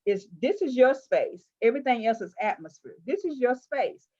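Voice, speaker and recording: Animated woman telling stories. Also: on the high side, moderate pace, dull audio. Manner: animated, emphatic storytelling with playful asides. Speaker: interviewer. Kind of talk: candid conversational interview.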